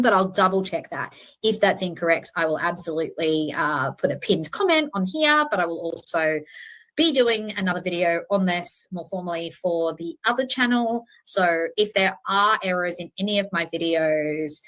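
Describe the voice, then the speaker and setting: Woman, channel host; casual earnest commentary, slightly low voice, self-correcting. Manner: earnest, animated, self-correcting, with many fillers. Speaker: true-crime channel host.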